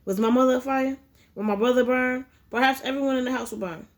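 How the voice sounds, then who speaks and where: Woman reader, fairly high voice, amateur memoir read-aloud with stumbles. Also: steady tone, quick pace. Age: adult with a child. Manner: unpolished reading with frequent restarts. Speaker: audiobook reader.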